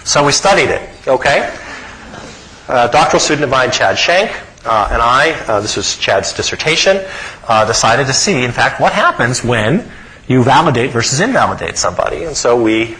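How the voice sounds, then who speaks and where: Animated man lecturing, checking in often. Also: mid-range voice, normal speed, poor audio. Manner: animated, frequent "okay?" check-ins. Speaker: psychology professor lecturing.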